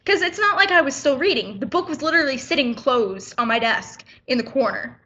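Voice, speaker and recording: Indignant teen girl vlogging, bright voice. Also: sits high, animated, fairly quick, muffled recording. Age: teens. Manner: indignant, chatty retelling with quoted back-and-forth. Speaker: high school student vlogger. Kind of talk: casual vlog storytelling.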